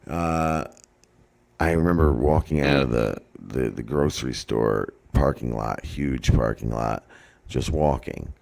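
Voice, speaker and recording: Very deep gravelly man, rambling. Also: lively intonation, darkish tone. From New Jersey. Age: 40s. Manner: rambling, profane, halting with many uhs. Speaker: podcast co-host. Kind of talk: casual storytelling chat.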